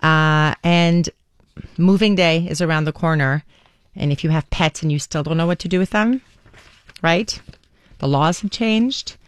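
A woman's voice: low voice, measured pace, pauses often, smooth, no room sound. A woman in her forties hosting a morning radio show, telling stories in a chatty, rambling way, recorded at a studio microphone. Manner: chatty, warm storytelling with many restarts and fillers. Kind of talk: casual talk radio monologue. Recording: dry studio sound.

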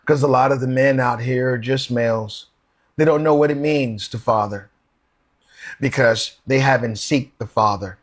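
Husky man preaching from scripture. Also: medium pitch, normal speed. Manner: reads verses aloud and comments informally; asks the listener questions. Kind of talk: sermon with scripture reading.

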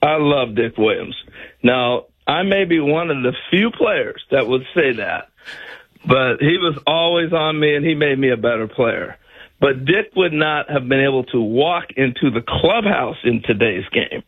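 An older man, a former major league player, telling baseball stories on a talk show in a casual, animated way and acting out other people's lines. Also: medium pitch, unhurried, breathy edge, narrow, tinny audio. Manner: animated storyteller, acts out other people's lines, laughs often.

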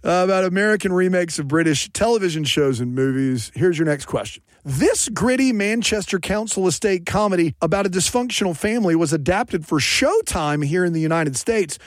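Chatty guy hosting a trivia game, kinda high voice, dry close mic. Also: expressive, no room sound. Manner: upbeat, chatty, quick asides. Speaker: quiz host.

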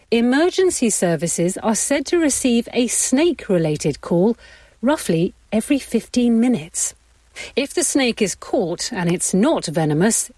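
A woman presenter introducing reports on a radio programme, with clear announcing. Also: mid-range voice, a little mellow, no room sound. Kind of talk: scripted programme links.

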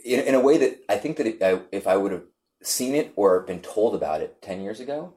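A man telling a story in casual chat, animated and halting, with many repeats and fillers. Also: fairly low pitch.

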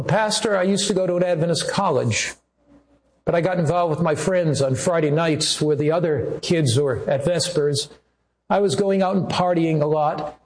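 A man's voice: on the high side, a little mellow, natural voice. A man recounting a desperate young woman caller. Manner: pleading, guilt-ridden confession. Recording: echoey room.

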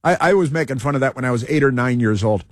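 A man's voice: medium pitch, quick pace, no echo, clean studio sound. A man hosting a talk show, delivering a rambling, heated political monologue full of fillers and restarts.

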